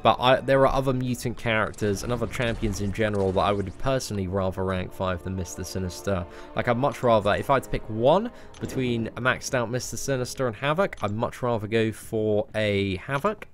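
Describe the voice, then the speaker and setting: A man's voice: on the low side, a little fast, few pauses. Chatty English man streaming, calling everyone mate. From England. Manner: chatty, self-mocking, lots of "like" and "mate". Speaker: gaming streamer. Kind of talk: casual live-stream chat answering viewers. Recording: faint music behind.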